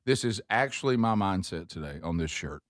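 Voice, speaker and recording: A man's voice: low voice, expressive, fairly quick, dry recording. A man hosting a casual talk show, rambling and joking with his co-hosts in the studio. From Alabama. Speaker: host.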